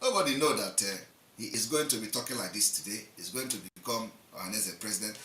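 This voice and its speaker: A man hosting an online live show, giving emphatic, repetitive commentary that swings between loud and soft. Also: fairly low pitch, expressive, fast talker, reverberant, distant mic, low-quality recording.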